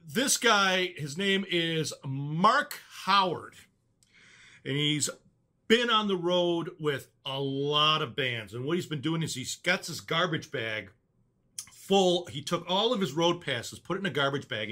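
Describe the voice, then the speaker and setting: A man's voice: on the high side, expressive, unhurried, bright, forceful tone. A man hosting his own channel, chatting casually and rambling enthusiastically with many fillers. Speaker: channel host. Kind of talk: casual chat.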